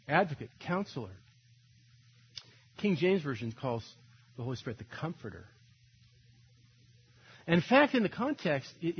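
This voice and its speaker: A man's voice: a little high, breathy edge, highs cut off. An older man preaching a sermon, telling stories animatedly and acting out quoted voices. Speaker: pastor.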